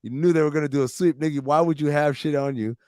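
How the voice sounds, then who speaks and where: A man hosting a podcast, retelling TV episodes in a casual, profane, animated way with plenty of quoted dialogue. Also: a little high, quick pace, clean tone, dry recording, clean studio sound. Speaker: podcast host recapping a TV series. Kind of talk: casual recap chat with friends.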